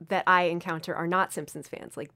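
Woman radio host, low-ish voice, chatty, lots of ums. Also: fairly even intonation, a little fast, pushed and bright. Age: over 35. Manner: chatty, full of fillers, laughs easily. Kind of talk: casual radio chat.

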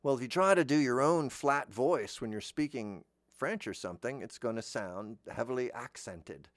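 A man's voice: mid-range voice, normal speed, no room sound. Brief: middle-aged man hosting his own show, chatty and rambling, dry close sound. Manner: rambling, with frequent restarts and asides. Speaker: host. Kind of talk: casual monologue.

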